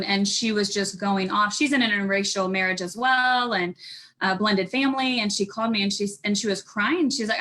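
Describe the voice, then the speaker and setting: A woman guest giving a candid personal account, emotional and halting with many restarts. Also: medium pitch, sharp tone.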